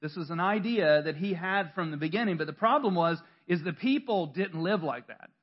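A man with a high voice delivers a sermon in a church. His style is conversational and self-deprecating, with stories, restarts and laughter. The recording is dull and lo-fi. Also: lively intonation, normal speed. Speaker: pastor.

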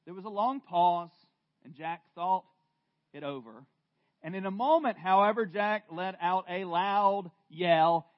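A man preaching a sermon to a congregation in a church room, earnest and unhurried, stumbling into restarts now and then. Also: high-pitched, highs cut off. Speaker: pastor.

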